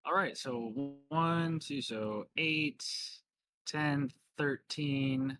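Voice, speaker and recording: A man's voice: fairly high pitch, extremely slow, bright, forceful tone, soft background music. A man narrating as game master in a casual tabletop game session, describing actions and tallying damage. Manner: casual, descriptive, tallies dice aloud.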